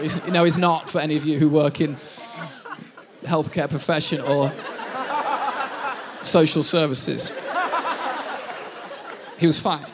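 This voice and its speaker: A man's voice: fairly high pitch, noisy background. A man in his thirties, a pastor, preaching a sermon and telling family stories with self-deprecating humor.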